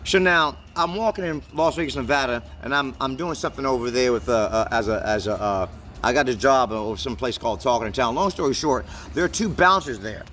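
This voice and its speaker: A man's voice: medium pitch, brisk, fairly bright tone, slight background noise. A man telling a long, meandering story to the camera in a profane, rambling way, often stumbling and repeating words as he searches for what to say. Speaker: vlogger.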